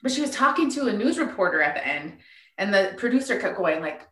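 A woman's voice: medium pitch, a little fast, reverberant. A woman, a tribal entrepreneur, telling a story in a casual interview, laughing and acting out what people said. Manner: animated, laughing, acts out quotes.

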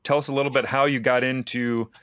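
A man co-hosting a casual farm podcast, introducing guests and reading out tallies in an even, steady way. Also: medium pitch, fast talker, clear, resonant tone, no room sound, studio quality. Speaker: podcast co-host.

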